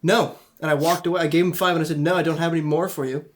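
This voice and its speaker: A man's voice: fairly high pitch, steady tone, rapid-fire. A young man co-hosting a casual podcast, telling rambling, profane anecdotes. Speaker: podcast co-host. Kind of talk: casual chat.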